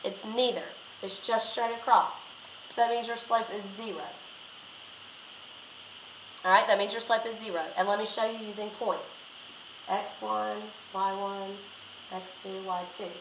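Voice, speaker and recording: A woman's voice: medium pitch, fairly even intonation, unhurried, long pauses, a bit bright. A woman teacher talking through a recorded math lesson step by step, repeating key points. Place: classroom. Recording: echoey room, faint noise.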